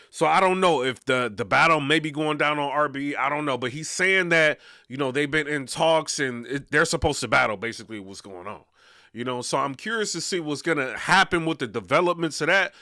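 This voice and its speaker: A man's voice: fairly high pitch, pushed and bright, no room sound, studio quality. A man hosting a casual commentary vlog, rambling and peppering his talk with "you know what I'm saying.". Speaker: vlog host.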